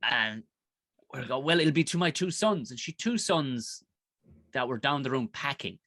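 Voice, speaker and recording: Irish male comedian, mid-pitched, bright forceful tone, rambling story told loose and casual, dry close sound. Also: normal speed, no echo. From Ireland. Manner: rambling, animated, swears freely. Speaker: podcast guest, comedian.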